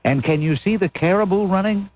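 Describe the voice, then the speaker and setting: A man's voice: sits high, a little fast, a little mellow, poor audio. A man hosting a call-in talk radio show, brusque, sarcastic and exasperated with callers. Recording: hissy AM radio cassette recording.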